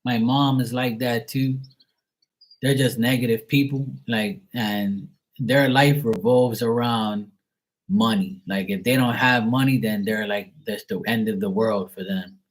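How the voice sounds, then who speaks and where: A man's voice: medium pitch, fairly even intonation, a little slow. Blunt, foul-mouthed man venting. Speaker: online tarot reader and host. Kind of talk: casual chat.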